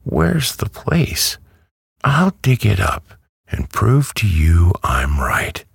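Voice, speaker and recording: A man voicing an earnest, insistent little country girl in a storybook reading, his husky voice lifted higher. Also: wildly swooping pitch, takes it slowly, no room sound, clean studio sound, heavily acted.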